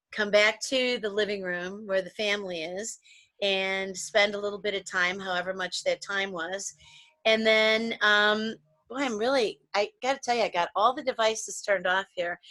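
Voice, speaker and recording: A woman co-hosting a talk show, reminiscing in a rambling, animated storytelling way with frequent restarts. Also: medium pitch, no echo. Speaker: co-host. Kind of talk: casual storytelling chat.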